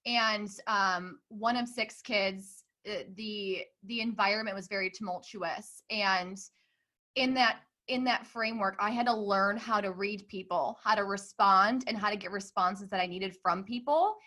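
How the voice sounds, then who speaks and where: A woman's voice: mid-range voice, measured pace, pushed and bright. A woman guest on a podcast, a marketing coach, talking eagerly and reflectively. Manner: eager, laughs easily, reflective. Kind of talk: casual podcast interview.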